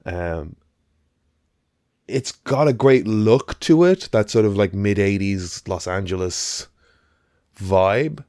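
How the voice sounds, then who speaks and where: A man's voice: on the low side, animated, slow pace, long pauses, darkish tone, no room sound, clean studio sound. A man co-hosting a podcast, chatting casually about a film in a rambling, emphatic way with the odd swear. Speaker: podcast co-host. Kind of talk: casual film review chat.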